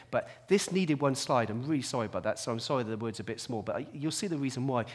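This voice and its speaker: A man giving a sermon, telling his own story in a personal way, dropping quiet and then rising to emphatic peaks. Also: mid-range voice. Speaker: preacher.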